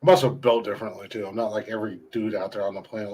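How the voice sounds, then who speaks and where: A man's voice: lowish voice, steady tone, very fast, few pauses, darkish tone, slightly rough, low-quality recording. A man from Ohio hosting a podcast in casual, crude, rambling chat, laughing often. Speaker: podcast host.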